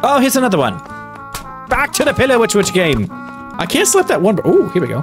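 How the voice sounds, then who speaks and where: A man commentating a let's play video, animated and often laughing and exclaiming. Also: high-pitched, a little fast. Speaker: gaming video host. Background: game music.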